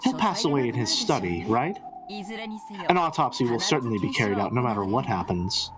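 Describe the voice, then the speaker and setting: A man voicing a sharp-tongued scheming middle-aged woman in a visual novel read-through, needling and mocking, his voice leaping up high. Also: sing-song, fairly quick, a crowd in the background, natural voice. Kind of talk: dramatic reading of a visual novel. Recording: music playing behind.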